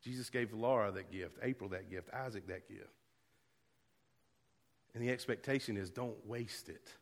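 A man pastor preaching a sermon to his church, earnest, dropping to a hush and rising to loud, fervent calls. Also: lowish voice, moderate pace, gravelly, in a large hall. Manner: earnest, swings from hushed to loud. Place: church sanctuary.

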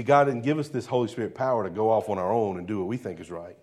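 A man's voice: rapid-fire, few pauses. Man preaching with rhetorical questions. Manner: drops to a soft, low voice on key phrases. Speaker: pastor. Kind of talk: sermon.

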